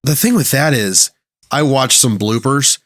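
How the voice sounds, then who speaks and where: Man, podcast co-host, relaxed, musing, mid-pitched voice, dry close sound. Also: a little slow, no echo. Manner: relaxed, musing, hedges with "I don't know". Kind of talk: casual chat.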